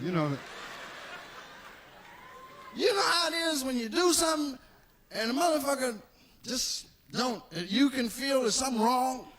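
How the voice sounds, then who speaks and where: A man doing stand-up, telling stories in an animated, profane way and acting out the people in them. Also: extremely high pitch. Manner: animated, profane, acts out characters. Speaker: stand-up comedian. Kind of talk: stand-up storytelling.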